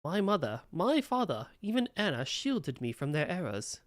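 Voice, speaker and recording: A man reading aloud the lines of a grieving young male bard prince from on-screen game text, in a fairly plain voice that swings lively in pitch. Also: moderate pace, no room sound, studio quality. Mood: mournful. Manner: reads game text aloud, shouting names. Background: faint guitar game music.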